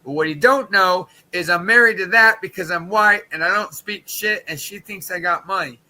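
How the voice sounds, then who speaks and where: A man streaming, telling a crude comic story in a profane, rambling way with quick asides. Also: high-pitched, sharp tone.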